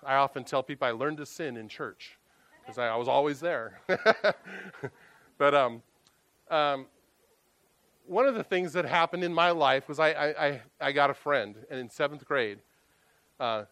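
A man preaching a sermon, telling stories in a conversational, animated way. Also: fairly high pitch, no room sound. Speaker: pastor.

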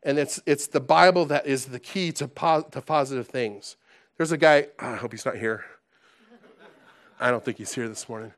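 A man preaching a sermon to his congregation, conversational and animated, dropping to soft asides and rising to loud exclaims, with frequent restarts. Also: mid-range voice, normal speed. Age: adult, past college. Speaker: pastor.

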